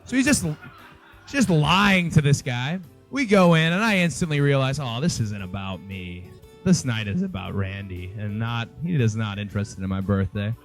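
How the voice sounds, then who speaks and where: A wrestler telling a funny anecdote in an interview, acting out the other people's lines as he goes. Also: fairly low pitch. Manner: lively storyteller who acts out the other people's lines. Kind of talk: casual anecdote.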